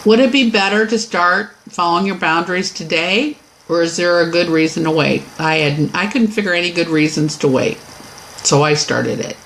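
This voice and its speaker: A woman's voice: fairly low pitch, moderate pace, a bit bright, a little hiss or hum, poor audio. A middle-aged woman teaching a Christian weight-loss lesson, speaking candidly and encouragingly about her own progress. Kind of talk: personal faith-based lesson.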